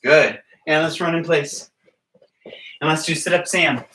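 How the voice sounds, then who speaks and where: A man's voice: a little high, measured pace, pushed and bright, distant mic, slight background noise. A young adult man leading a gymnastics class for young children in an upbeat, coaxing way, often checking in with "all right?". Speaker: gymnastics coach. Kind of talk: online kids' exercise class. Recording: echoey room, away from the mic.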